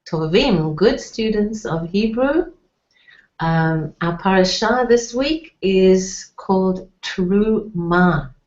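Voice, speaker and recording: A woman's voice: medium pitch, a little mellow, highs cut off. A woman teaching a Hebrew lesson, patiently spelling out letters and sounds and saying prayers in Hebrew. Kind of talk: slow, deliberate Bible-language lesson.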